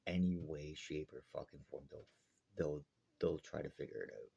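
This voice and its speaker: Very low raspy man, heated and blunt, swears a lot. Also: animated, normal speed, dark tone, lo-fi sound. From Alberta, Canada. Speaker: vlogger. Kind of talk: angry rant to camera.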